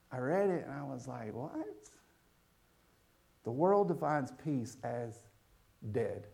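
Lively high-voiced male preacher. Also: creaky. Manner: animated, joking with the congregation. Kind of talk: sermon.

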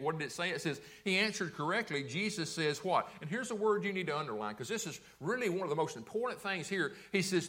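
A man's voice: fairly high pitch, fairly bright tone. A man preaching a sermon to a congregation in a church, posing rhetorical questions and answering them himself, often repeating words. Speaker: pastor. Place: church sanctuary.

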